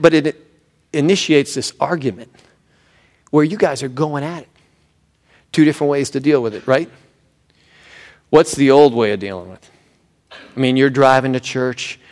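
A pastor preaching a sermon, animated and swinging from loud emphasis to hushed tones. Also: male voice, a little high.

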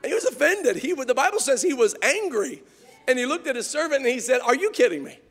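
A man preaching a sermon, telling a story with frequent hallelujahs and building to shouts. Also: extremely high pitch, animated, brisk. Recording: long hall reverb.

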